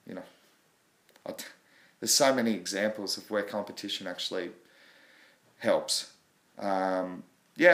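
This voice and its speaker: A man with an Australian accent hosting a casual crypto livestream, talking quickly and rambling. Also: medium pitch, reverberant. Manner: quick, rambling, apologetic about his pace. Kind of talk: casual live chat.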